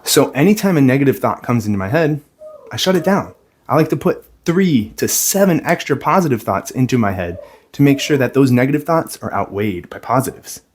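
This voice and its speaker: Earnest young dad talking to camera. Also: male voice, medium pitch, lively intonation, a little fast, a little hiss or hum. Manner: earnest, reflective, plain-spoken. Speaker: vlogger, stay-at-home dad. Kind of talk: personal talk to camera.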